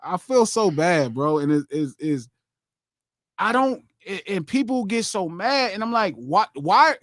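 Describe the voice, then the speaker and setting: A man in loose podcast banter whose voice swings up and down. He talks in an animated, profane way and slips into mimicry. The sound is close and dry, with no room around it. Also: high-pitched, a little slow, no room sound. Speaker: podcast co-host. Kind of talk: casual livestream chat.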